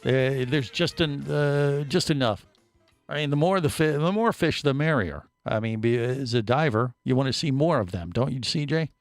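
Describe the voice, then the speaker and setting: A man's voice: medium pitch, lively intonation, moderate pace, faint music behind. A man hosting a studio radio show, teasing his guests and wandering through his sentences with fillers. His voice sits in the middle range for a man. The sound is dry and close, with no room echo. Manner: joking, rambling with many fillers. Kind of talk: casual radio chat.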